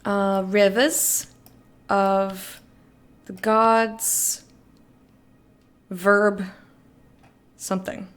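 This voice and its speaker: A woman's voice: mid-range voice, little pitch movement, extremely slow, pauses often, clear, resonant tone. A young woman casually commenting on a video game as she plays, reading its dialogue aloud between her own thoughts. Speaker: streamer. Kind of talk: casual let's-play commentary.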